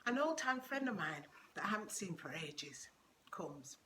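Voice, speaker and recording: A woman telling a personal story in a casual vlog, animated and laughing often. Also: fairly low pitch, moderate pace, a little hiss or hum.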